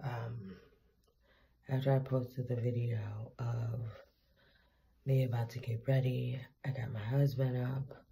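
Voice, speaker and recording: Worn-out woman vlogger with a heavy fry and a mellow tone, frank and salty in her retelling. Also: rumbling low, takes it slowly, long pauses, a little hiss or hum. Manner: candid, profane, animated retelling. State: tired, teary. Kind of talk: casual storytelling vlog.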